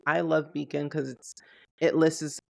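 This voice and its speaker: A man's voice: a little high, little pitch movement, measured pace, creaky, darkish tone. A man hosting a casual interview, enthusiastic and peppering his questions with "like". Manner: enthusiastic, heavy use of "like". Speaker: podcast host.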